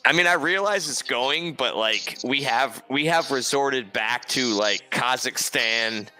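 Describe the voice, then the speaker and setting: Bright, wisecracking male co-host. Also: mid-range voice, a little slow, soft background music. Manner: wisecracking, rambling with many fillers. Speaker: esports co-commentator. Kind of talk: casual live-stream banter.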